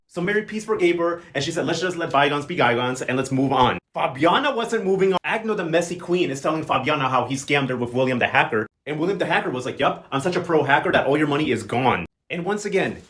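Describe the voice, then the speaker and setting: A man's voice: fairly high pitch, fairly bright tone. A man casually recapping a soap opera episode, sassy and slangy, quoting the characters in playful voices. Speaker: novela recap host.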